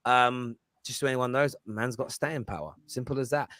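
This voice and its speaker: A man's voice: mid-range voice, normal speed, fairly bright tone, no echo, clean studio sound. A man with a London accent, mixing Cockney and slang, hosting a football panel in casual chat, swearing freely and laughing at himself. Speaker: host of a football panel show.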